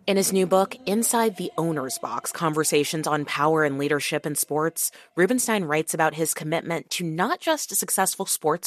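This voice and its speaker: A woman hosting a radio news program, narrating and interviewing in a clear, even broadcast delivery. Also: low-pitched, brisk, dry recording, studio quality.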